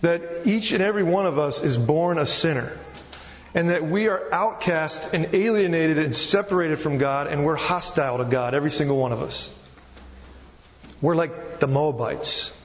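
Earnest man preaching in a reverberant hall. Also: on the high side. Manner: earnest, halting with restarts and fillers. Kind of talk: sermon with scripture reading. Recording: muffled, with long hall reverb.

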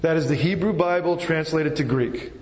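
A man's voice: a little high, moderate pace, a little mellow. A man preaching a sermon, explaining step by step and checking in with his listeners. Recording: echoey hall, slightly dull sound.

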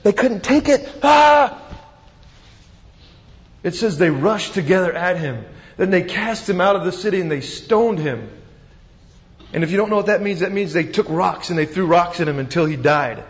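A man preaching a sermon as pastor, retelling the scene with animated, dramatic storytelling. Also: sits high, normal speed. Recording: dull sound with long reverb.

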